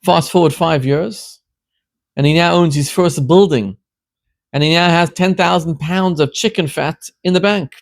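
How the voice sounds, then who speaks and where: A man, a rabbi, delivering a sermon as an animated storyteller who builds to emphatic questions. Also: a little high, a little slow, vocal fry, no room sound.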